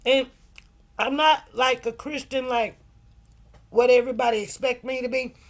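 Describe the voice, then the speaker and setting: A woman's voice: high-pitched, fairly even intonation, moderate pace. A middle-aged woman hosting a casual livestream, telling stories and preaching in an emphatic, heartfelt way. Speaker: livestream host.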